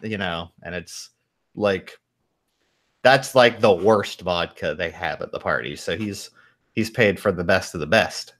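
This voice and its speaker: A man narrating a tabletop horror game as game master, relaxed and rambling with many pauses and ums. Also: deep voice.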